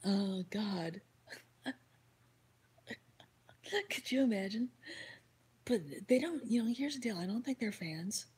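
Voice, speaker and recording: A woman's voice: medium pitch, slow pace, long pauses, darkish tone, breathy edge. A woman hosting a livestream, casually retelling a story and answering chat, swearing freely and slipping into whispered asides. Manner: reads and answers chat comments. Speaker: livestream host.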